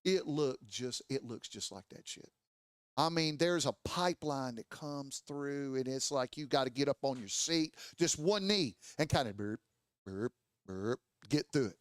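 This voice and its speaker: A man's voice: on the high side, animated, moderate pace, smooth, dry recording, studio quality. A man telling a casual, profane motorcycle story and acting out the voices and sounds of his friends. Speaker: podcast storyteller. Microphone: studio mic.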